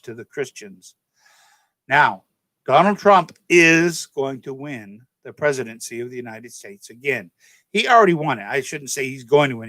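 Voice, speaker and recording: A man's voice: a little high, a bit bright. A man with a slightly raised voice delivers a loose, rambling monologue to his channel's viewers. He keeps circling back to his points, repeating and correcting himself as he goes, and calls his listeners "folks." The sound is dry and close, with almost no room echo. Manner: addresses viewers directly as "folks". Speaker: channel host. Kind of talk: casual political and religious monologue to camera.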